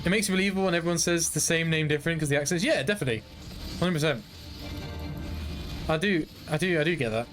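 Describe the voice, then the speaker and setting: A young British man chats on a game stream in a loose, slangy way and laughs often. His voice sits a little high. Faint music plays behind him. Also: fast talker, pauses often, fairly bright tone. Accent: British English. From Britain. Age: 20s. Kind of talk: casual gaming stream chat.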